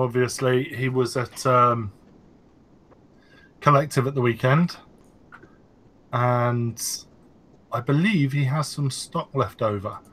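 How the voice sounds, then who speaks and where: A man's voice: medium pitch, a bit bright. A British man co-hosting a podcast, talking in a loose, rambling way full of ums. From United Kingdom. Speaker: podcast co-host. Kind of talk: casual chat.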